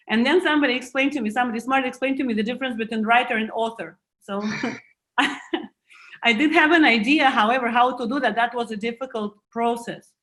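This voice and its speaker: A woman in her forties with a Russian accent speaks as a guest author in a reflective video call conversation. Her voice is a little high, a little fast, and fairly bright, and she searches for words with frequent restarts.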